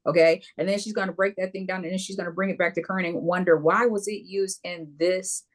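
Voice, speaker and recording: Woman, talk-show co-host, lowish voice, casual chat, emphatic, playful asides. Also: steady tone, fast talker.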